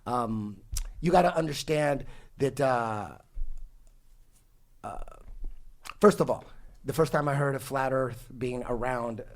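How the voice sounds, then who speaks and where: A man's voice: medium pitch, slow pace, pauses often. Profane, rambling man in his forties. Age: 40s. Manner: profane, rambling, animated storyteller. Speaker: podcast guest. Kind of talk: casual conversation.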